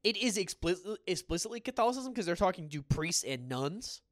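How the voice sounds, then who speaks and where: A man's voice: high-pitched, sing-song, fairly quick, dry recording, studio quality. A man co-hosting a horror film podcast, chatting casually and enthusiastically, swearing freely. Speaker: podcast co-host. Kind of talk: casual chat.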